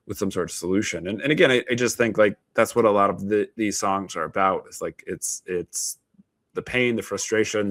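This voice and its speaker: A man in his thirties talks loosely to camera, restarting sentences and dropping dry, wry asides. His voice sits on the low side. The sound is close and dry, with no room around it. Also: a bit bright, no room sound. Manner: conversational, frequent fillers and restarts, wry asides. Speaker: therapist and video host. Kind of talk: casual talking-head commentary.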